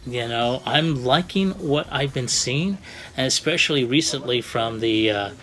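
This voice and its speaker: A man reviews a collectible toy in a relaxed, rambling way, stopping often for fillers and restarts. His voice sits at an ordinary middle pitch. Faint music plays behind him. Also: a little slow. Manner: rambling, many fillers, friendly.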